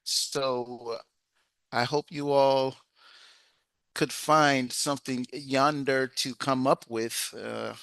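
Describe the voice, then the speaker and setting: A man presiding over a club meeting with a bright, ringing tone. He tells a story with lively pacing and stumbles over a few words. The sound is close and dry, with no room echo. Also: mid-range voice, slow, vocal fry, clean tone. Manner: lively storyteller with small restarts. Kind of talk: casual meeting chat and joke telling.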